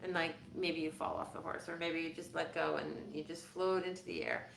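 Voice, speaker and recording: A woman's voice: deep voice, flat delivery, moderate pace, gravelly, roomy sound, very noisy. A woman hosting a casual livestream, musing aloud in a rambling, self-interrupting way. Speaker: host.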